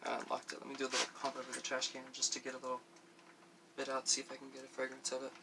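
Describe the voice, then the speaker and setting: A man's voice: medium pitch, monotone, rapid-fire, noisy background. A man chatting through a casual makeup review for his vlog, rambling with many fillers and frequent laughs while he does his makeup on camera at home. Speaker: beauty vlogger.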